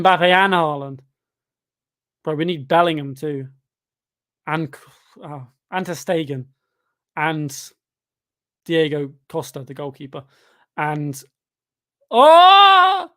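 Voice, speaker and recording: Young guy hosting a footy watchalong, fed up and sarcastic, fake play-by-play, kinda high voice. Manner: sarcastic, exasperated mock commentary. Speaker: fan channel host. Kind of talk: live football watchalong chat.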